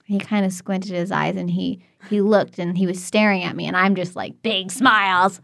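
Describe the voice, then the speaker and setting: A woman telling a long funny story in casual chat, animated and giggly. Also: medium pitch, moderate pace, gravelly, no room sound, clean studio sound.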